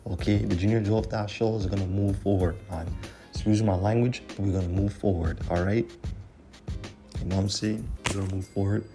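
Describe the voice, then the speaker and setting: A man's voice: lowish voice, steady tone, fairly quick, over music. A man hosting a solo podcast, talking casually and bluntly and ranting, with "you know what I'm saying" in nearly every sentence. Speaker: podcast host. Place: Toronto.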